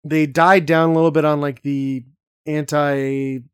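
A man's voice: a little high, flat delivery, moderate pace, clean tone, dry recording, clean studio sound. A man hosting a casual podcast chat, talking enthusiastically and rambling with lots of fillers. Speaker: podcast host.

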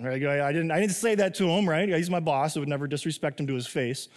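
Youngish pastor guy preaching casual, keeps tossing in right?, a bit high voice, long hall echo. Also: fast talker, hardly any pauses. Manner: conversational, tag questions, lively acted quotes. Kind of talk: sermon.

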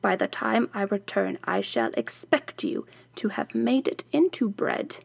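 A woman voicing a furious, vengeful old witch in a storybook reading, slow with low menacing threats. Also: expressive, creaky, slightly rough, full character voice. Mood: threatening.

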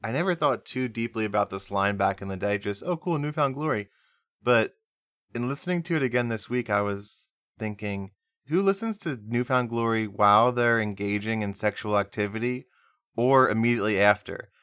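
A man's voice: on the low side, animated, normal speed, a bit bright, clear, resonant tone, no room sound, studio quality. A man co-hosting a music podcast, chatting casually with a nasal voice, rambling and laughing easily. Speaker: podcast co-host.

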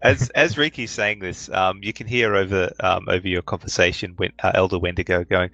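A man narrating a tabletop game as game master, with halting speech full of fillers. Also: sits low, steady tone, sharp tone, dry recording, lo-fi sound.

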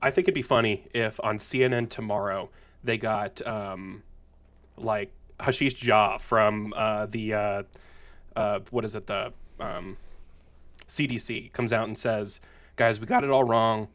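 A man's voice: lowish voice, fairly even intonation, unhurried, fairly bright tone. A man co-hosting a casual podcast, making dry joking asides. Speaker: podcast co-host. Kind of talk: casual chat.

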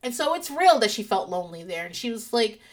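Swearing, animated woman telling stories. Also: fairly high pitch, brisk. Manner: profane, animated, rambling anecdotes. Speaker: podcaster recapping a TV show. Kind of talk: casual storytelling chat. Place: home office.

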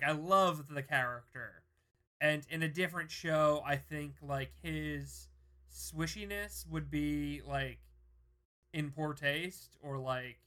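A man with a bright, somewhat high voice co-hosts a casual podcast. He gives blunt, opinionated takes in an easy conversational flow. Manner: frank and opinionated. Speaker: podcast co-host. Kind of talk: casual chat recapping a TV episode.

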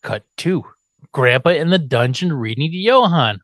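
Laughing frequently and adding dry, wry comments, a man hosts a podcast where he chats casually through a recap of a TV episode. He speaks at an ordinary pace with a higher-pitched, animated voice, and there's no echo.

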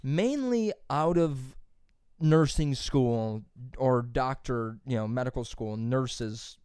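A man's voice: mid-range voice, slow pace, clear, resonant tone, no echo, studio quality. Rambling, profane young man telling a story. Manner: rambling, profane, animated when quoting. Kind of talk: casual storytelling chat.

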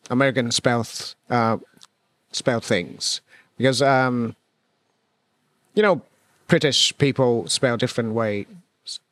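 A man from Vietnam with a Vietnamese accent, a guest in a casual conversation, talking hesitantly with many pauses and restarts. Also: medium pitch, a bit bright, no room sound.

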